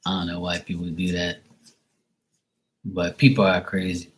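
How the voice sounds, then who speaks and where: A man's voice: low voice, completely flat delivery, normal speed, a little hiss or hum, rough recording. A man hosting a livestream, telling a rambling story in blunt, profane casual chat. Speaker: livestream host.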